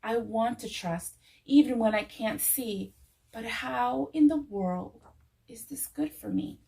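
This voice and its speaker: A woman voicing a small, frightened seed as a child-like boy, pleading in a high, tearful voice in a storybook tale. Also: steady tone, a little slow, mellow, a little hiss or hum. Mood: worried whisper.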